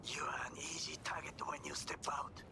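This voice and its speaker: A woman voicing a menacing enemy stalker in a video game, speaking in a low hissing whisper. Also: flat delivery, normal speed, creaky. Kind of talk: game character dialogue.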